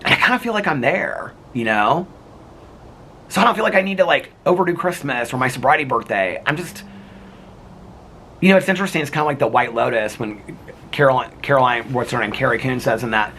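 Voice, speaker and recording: A man's voice: mid-range voice, lively intonation, brisk, pushed and bright, slight background noise. A man talking to camera in a casual, reflective vlog, rambling with lots of restarts and fillers. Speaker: vlogger.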